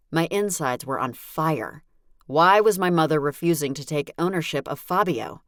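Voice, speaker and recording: A woman's voice: deep voice, lively intonation, moderate pace, no room sound, studio quality. A woman narrating a first-person audiobook in a wry, exasperated tone.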